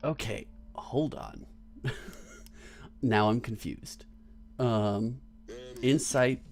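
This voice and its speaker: A man's voice: medium pitch, drawn-out words. A man playing a tabletop game, laid-back and chatty. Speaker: player. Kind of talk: casual tabletop play.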